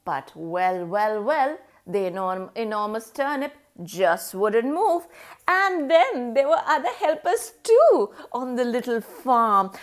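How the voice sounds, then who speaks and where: A woman reads a folk tale to a small child. Her voice sits high and swoops widely, and she takes her time, stretching words and putting on animal noises and questions for the listener. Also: big pitch swings, takes it slowly. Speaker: storyteller. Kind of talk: children's storytelling.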